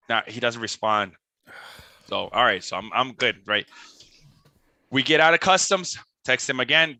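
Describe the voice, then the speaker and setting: Bright-voiced man telling a story. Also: medium pitch, normal speed, pauses often, dry recording. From Costa Rica. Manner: animated, swearing, lots of "like" and restarts. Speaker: band member, podcast guest. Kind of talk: casual storytelling.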